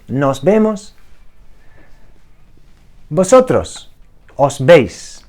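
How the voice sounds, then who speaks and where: A man teaching a beginner Spanish lesson to camera, checking in often with "okay?" and slowing down to model each Spanish form. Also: fairly high pitch, sing-song, darkish tone. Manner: encouraging, checks in with frequent "okay?". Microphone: talking to camera.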